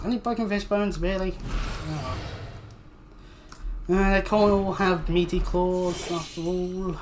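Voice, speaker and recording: A woman with a notably low voice chats her way through a gameplay stream, wandering off into jokes and asides as she plays. Soft keyboard typing clicks away faintly behind her. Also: steady tone, slow, a little hiss or hum. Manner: rambling, joking asides to self. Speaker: livestreamer. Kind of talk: casual gameplay commentary.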